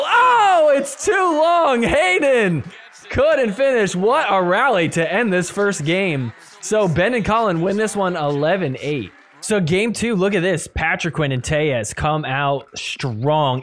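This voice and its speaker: A man hosting a podcast, giving animated play-by-play commentary over match replays and laughing often. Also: fairly high pitch. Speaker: podcast host. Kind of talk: excited sports recap commentary.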